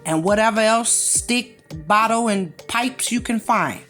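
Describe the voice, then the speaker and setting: A woman's voice: fairly high pitch, measured pace, fairly bright tone, faint music behind. Sassy preachy woman with a drawl. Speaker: commentary channel host. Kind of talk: casual monologue commentary.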